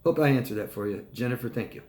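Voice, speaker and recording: A man working as a life coach, answering viewer questions live in a calm, conversational way. He keeps checking in with "right?" and "okay?". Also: mid-range voice, fast talker, echoey room. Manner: calm and reassuring when advising.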